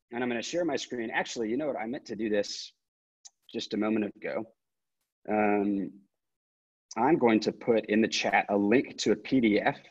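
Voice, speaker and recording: A man speaking as a pastor on a video call, earnest and halting, with many fillers, reading scripture aloud. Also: on the low side, breathy edge. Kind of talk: interfaith panel talk on video call. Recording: dull lo-fi video call audio.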